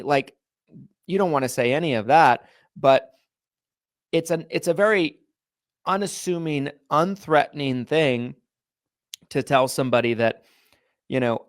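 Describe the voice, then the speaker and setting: A man co-hosting a sales podcast, talking in a relaxed, rambling way with lots of fillers. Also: on the high side, a little slow, long pauses, no room sound, studio quality. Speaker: podcast co-host. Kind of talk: casual podcast chat.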